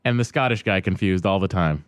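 A man's voice: low-pitched, fairly quick, clean tone, dry recording. Rambling male co-host, dry close sound. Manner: rambling, gloomy jokes. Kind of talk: casual interview chat.

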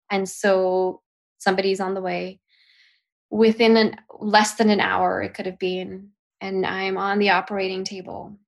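Gravelly-voiced woman telling a personal story. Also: mid-range voice, a bit bright. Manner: emotional, halting retelling with restarts. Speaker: podcast guest. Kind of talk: personal storytelling in a podcast interview.

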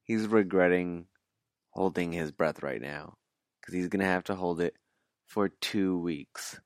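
Male podcast producer, very deep and smooth, wry teasing sign-off, dry close mic. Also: measured pace, dry recording. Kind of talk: casual sign-off to listeners.

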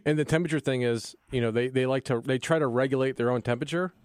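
A man's voice: medium pitch, fast, darkish tone, clean tone, dry recording. A man co-hosting a talk radio show, explaining things in a matter-of-fact way. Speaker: radio co-host. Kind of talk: casual talk-radio banter.

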